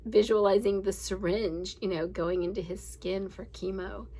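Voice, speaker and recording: Gravelly-voiced woman in her forties. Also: mid-range voice, fairly even intonation, moderate pace, mellow, poor audio. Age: 40s. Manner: candid, rambling, laughs and swears. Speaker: podcast host reading a daily book. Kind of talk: casual reflective reading and chat.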